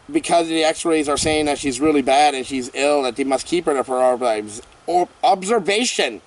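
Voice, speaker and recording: Recorded on a distant mic, a man with a slightly high voice gives a lively, jokey recap of a horror film outside in the wind, wandering off into playful asides as he tells it.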